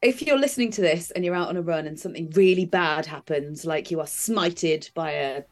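A woman's voice: on the low side, fairly quick, faint music behind. Woman co-host, giggly and teasing. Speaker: podcast co-host. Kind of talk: casual chat.

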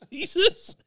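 A young man co-hosting a podcast, telling a family story in an animated way and laughing often. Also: noisy background. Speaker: podcast co-host. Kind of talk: casual storytelling chat.

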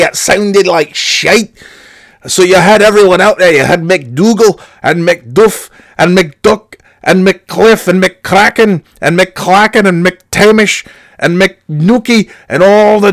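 A man's voice: high-pitched, vocal fry, dry recording. A man voicing a crude, angry old Scottish uncle leaving a rambling voicemail, in a put-on Scottish accent, repeating the nephew's name over and over. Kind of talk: comedy podcast bit.

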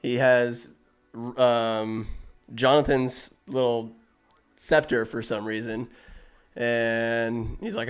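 Man, casual rambling movie recap, self-interrupting, smooth voice. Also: medium pitch, steady tone, slow pace.

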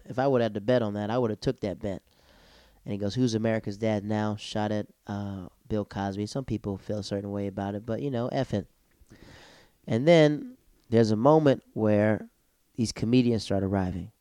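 A young man comedian telling a rambling, animated story and reviewing a show in a casual chat. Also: fairly low pitch, clean tone, no room sound, clean studio sound. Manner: rambling, animated, acts out quotes. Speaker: comedian vlogger.

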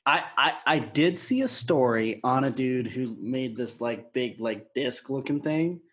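A man co-hosting a podcast over a video call, talking loosely with quick exclamations and the odd swear. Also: medium pitch, slightly rough. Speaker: podcast co-host.

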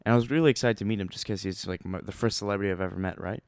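Young man, low-pitched, smooth voice, rambling excitable storytelling, close dry mic. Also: racing, dry recording. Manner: rambling, excitable, many fillers and restarts. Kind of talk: casual storytelling vlog.

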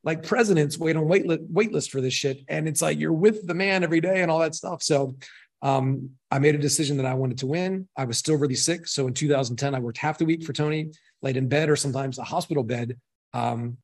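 A man in his thirties, a podcast guest, telling a long personal story in a rambling, excitable way and swearing freely. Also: a little high, fast talker, breathy edge. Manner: rambling, profane, excitable retelling. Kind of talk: casual storytelling.

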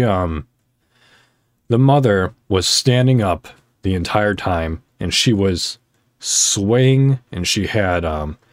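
A man with a low voice hosts his own podcast and talks unhurriedly. He rambles in a heartfelt way, full of ums and restarts. The sound is dry and close, with no room around it. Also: no echo. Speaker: podcast host. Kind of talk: casual solo podcast talk.

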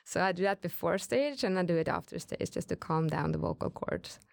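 Low-voiced woman singer, chatty. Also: brisk, vocal fry. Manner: relaxed, chatty, many fillers and restarts. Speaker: rock singer, interview guest. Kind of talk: casual interview chat.

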